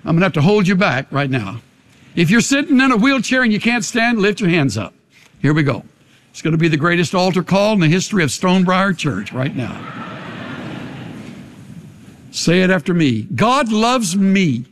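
A man's voice: sits high, very animated, fairly bright tone. An older man, a pastor, preaching a sermon and leading an altar call in a large church. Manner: impassioned preaching with long pauses. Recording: long hall reverb.

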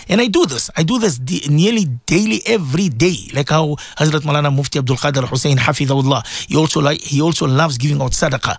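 A man's voice: a little high, quick pace, gravelly, hardly any pauses, no room sound. A man, preaching on the radio and repeatedly appealing to his listeners with rhetorical questions. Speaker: radio presenter and Islamic preacher. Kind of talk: radio sermon talk.

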